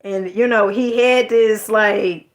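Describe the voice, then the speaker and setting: A woman's voice: medium pitch, fairly even intonation, takes it slowly. A woman telling a personal story in a casual, chatty monologue, often repeating her words and using slang.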